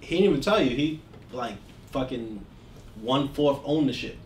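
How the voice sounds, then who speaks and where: A man's voice: mid-range voice, lively intonation, normal speed, darkish tone. A man co-hosting a casual podcast chat, telling stories with a laugh and acting out the quotes. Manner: storytelling, laughs often, acts out quotes. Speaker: podcast co-host. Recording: echoey room, distant mic, faint noise.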